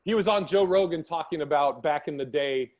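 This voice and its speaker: Male podcast host, higher-pitched, casual storyteller who acts out quotes. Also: a little fast, lo-fi sound.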